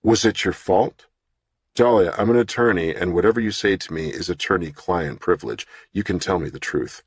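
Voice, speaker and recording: A man voicing a brisk, wry male attorney who asks pointed, probing questions. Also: low voice, husky, no room sound, exaggerated voice. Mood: serious. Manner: brusque, then concerned and probing.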